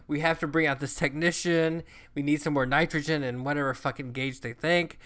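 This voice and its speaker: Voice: mid-range voice, steady tone, a little fast, a bit bright. A co-host telling a travel story in casual chat, swearing freely and acting out what people said. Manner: profane, chatty, acts out quoted lines.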